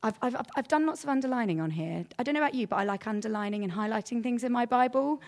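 A woman giving a sermon as preacher, earnest and conversational, growing animated when she tells everyday examples. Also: on the high side, rapid-fire, few pauses.

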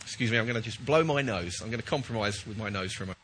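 A man's voice: lowish voice, rapid-fire, fairly bright tone, slight background noise. A man preaching a chatty, jokey sermon while he has a cold, often checking in with his listeners.

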